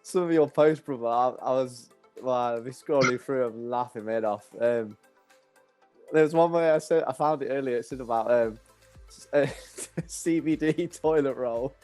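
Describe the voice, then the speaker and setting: A man's voice: medium pitch, normal speed, darkish tone, soft background music. A man hosting a podcast in a casual chat, laughing often and calling his guest brother. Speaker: podcast host.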